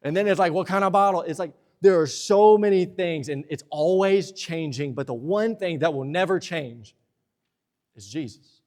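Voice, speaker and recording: A young man preaching a sermon in a church, lively and talkative, slipping into playful asides. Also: fairly high pitch, normal speed, hardly any pauses. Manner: lively preaching, acts out husband and wife exchanges in asides. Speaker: pastor. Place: church sanctuary.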